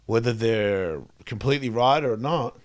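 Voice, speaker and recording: A man's voice: medium pitch, moderate pace, no echo. A man hosting a radio talk show, musing candidly in a rambling way with lots of fillers and restarts. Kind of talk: reflective casual monologue.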